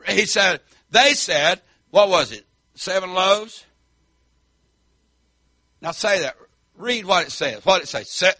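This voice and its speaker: A middle-aged man preaching a fiery country sermon, whooping and shouting, then dropping low and soft. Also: big pitch swings, unhurried, pauses often, slightly rough, dry recording.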